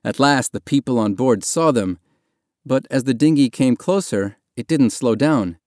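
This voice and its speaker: A man reading audiobook narration in a quiet, measured, somber way. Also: mid-range voice, no room sound, studio quality. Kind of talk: scripted narration.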